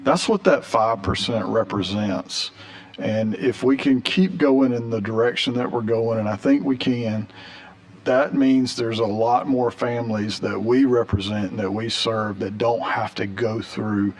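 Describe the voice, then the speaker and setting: A man's voice: medium pitch, unhurried. Earnest man senator at a hearing. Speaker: state senator. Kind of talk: thanking testimony at a hearing.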